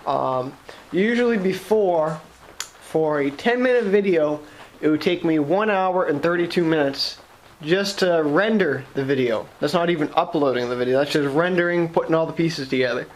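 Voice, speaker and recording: This young vlogger, speaking with a Boston accent in a fairly high voice at a moderate pace, chats to camera from his shop in a jokey, profane, rambling way.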